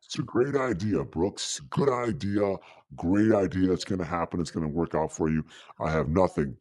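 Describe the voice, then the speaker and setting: A man putting on a loud, deep, over-the-top encouraging voice. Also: normal speed, dry recording. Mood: booming praise.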